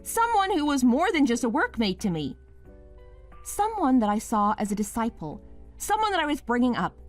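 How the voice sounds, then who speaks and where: In a scripted drama, a woman voices a wife named Mia, first pleading and then sharply accusing her husband. Her voice is high and very animated at a normal speed, with faint music behind her.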